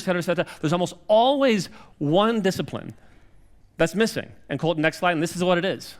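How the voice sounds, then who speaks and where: A man's voice: sits high, lively intonation, quick pace. A man in his forties giving a humorous, chatty sermon in a church, self-deprecating, with many restarts and fillers. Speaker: guest preacher. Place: church sanctuary.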